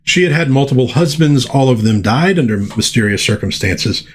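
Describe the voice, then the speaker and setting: A man's voice: mid-range voice, expressive, normal speed, husky. A man hosting a casual comic book commentary in a chatty, enthusiastic manner.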